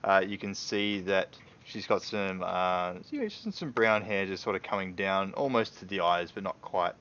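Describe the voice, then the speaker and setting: Low-voiced man narrating a game. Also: lively intonation, normal speed, a bit bright, lo-fi sound. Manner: loose, rambling, many fillers and restarts. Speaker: game master. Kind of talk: narrating a tabletop game on a livestream.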